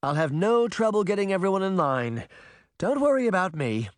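A man's voice: sits high, sing-song, moderate pace, no echo, studio quality, voice pushed up. A man voicing a powerful witch mother who soothes and reassures her son. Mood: reassuring.

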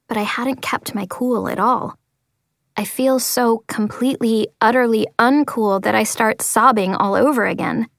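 A woman narrating a first-person story as an audiobook, expressive, slowing and softening at tense moments. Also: mid-range voice, vocal fry, no room sound, studio quality. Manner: expressive, slows for tense moments, drops to quiet tones.

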